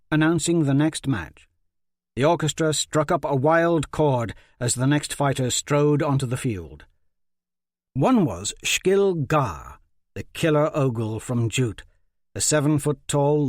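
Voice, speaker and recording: Man narrating a dark fantasy audiobook. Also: mid-range voice, no echo, clean studio sound. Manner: measured, dramatic storytelling. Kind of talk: scripted narration.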